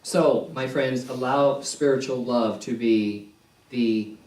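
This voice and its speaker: A male minister preaching a sermon in a slow, deliberate way, repeating key phrases for emphasis. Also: medium pitch, darkish tone. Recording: echoey church hall, distant mic.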